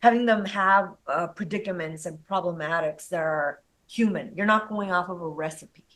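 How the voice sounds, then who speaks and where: A woman's voice: lowish voice, normal speed, a bit bright. A woman speaking as a podcast guest, thoughtful and building on her partner's points. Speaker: guest, animation artist. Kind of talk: casual podcast interview.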